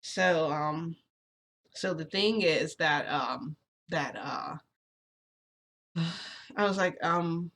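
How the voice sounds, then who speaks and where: A woman's voice: low-pitched, extremely slow, long pauses, a bit bright. A woman vlogger telling a casual story, rambling and hesitant, with many fillers and restarts. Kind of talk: casual storytime about a shifting experience.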